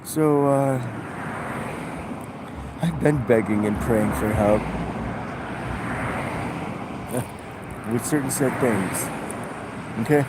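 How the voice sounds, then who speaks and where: A man vlogging a halting, musing spiritual monologue, full of fillers. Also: medium pitch. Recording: outdoor traffic noise.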